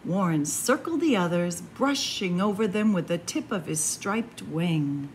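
A woman, a children's librarian, reading a picture book aloud to kids in a slow, expressive storytelling voice. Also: on the low side, a little hiss or hum.

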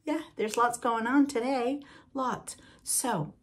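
A woman's voice: lowish voice, measured pace, a little mellow, slightly rough. An older woman from Britain hosting a podcast in a casual, rambling chat with asides to the listener. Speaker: podcast host.

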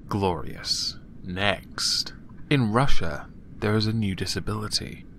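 A man with a fairly low, fairly bright voice riffs on news stories, sarcastic and mocking, laughing at his own jokes as a commentary vlogger. A slight hiss or hum can be heard.

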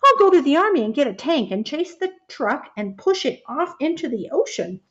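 A loud, bossy little playground bully with a high, shrill voice, as a woman puts him on. He yells every line and makes big threats in a storybook reading. The recording sounds a little muffled. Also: very animated, normal speed. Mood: yelling. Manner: yelling, bossy. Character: bossy shouting young boy bully.

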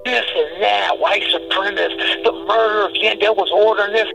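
A man's voice: high-pitched, steady tone, moderate pace, vocal fry, music in the background, low-quality recording. A man speaking as a criminal defendant in a heated monologue, agitated and stumbling over many restarts.

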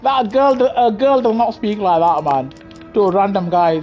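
Wearing a gaming headset, a young British man gives live commentary on a racing game and trades slangy banter with chat, laughing often. His voice is high with a darkish tone, he talks at a normal speed, and soft music plays behind him.

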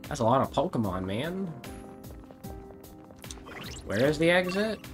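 A man's voice: on the high side, big pitch swings, unhurried, music in the background. A young man casually commentating a video game stream with joking gamer banter. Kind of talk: let's play commentary.

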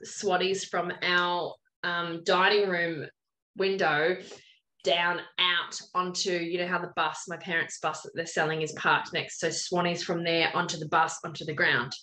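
A woman's voice: fairly low pitch, flat delivery, a little slow, bright, forceful tone, a little hiss or hum, low-quality recording. A woman co-hosting a podcast, chatting with fillers and reading a case from her notes. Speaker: podcast co-host. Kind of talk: casual chat, reading a case.

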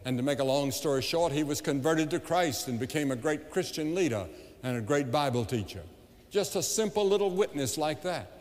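A man evangelist delivering a revival sermon to a large crowd, emphatic and building to loud appeals, recorded live in an arena. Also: fairly high pitch, animated, a little fast. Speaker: evangelist preacher. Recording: long hall reverb, live event.

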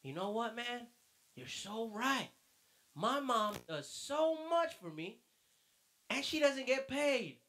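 A man's voice: very high-pitched, big pitch swings, slow pace, pauses often, sharp tone, pitched above the performer's own voice, exaggerated voice. A man voicing an eager young nephew who earnestly agrees with his uncle in a church lesson skit.

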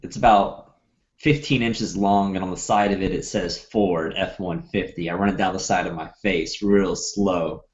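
A man playing a tabletop game, describing his character slowly and deadpan, on a dull lo-fi recording. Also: low voice. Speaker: player. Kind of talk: tabletop role-play.

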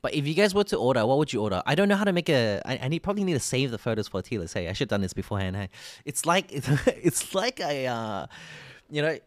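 A man's voice: medium pitch, big pitch swings, quick pace, dry recording. An Australian man live streaming, chatting casually and rambling through a sponsored ad with frequent laughs and self-corrections.

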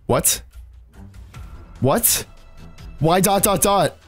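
High-voiced young man, anxious game commentary. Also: normal speed, dry recording, faint music behind. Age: late teens. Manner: anxious, excitable, addresses viewers directly. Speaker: gaming YouTuber. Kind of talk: scripted gameplay commentary.

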